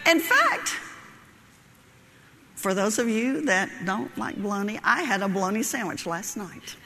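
A woman's voice: medium pitch, big pitch swings, a little slow, sharp tone, big-room sound. A woman preaching a sermon, telling a folksy joke story and laughing at her own lines.

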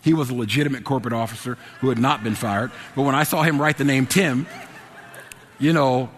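This is a man telling a personal story before an audience, his voice sitting at an ordinary middle pitch. He is animated, sliding from low, hesitant mumbles up to loud, excited exclamations. The sound carries a long reverb, as if spoken in a large hall. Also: fairly quick, slight background noise. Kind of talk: personal anecdote told to an audience.

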